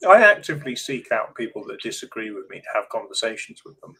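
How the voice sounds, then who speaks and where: A man's voice: fairly low pitch, big pitch swings, fast talker, a crowd in the background, rough recording. A man chatting as a guest, searching for words with many small fillers. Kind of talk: casual conversation.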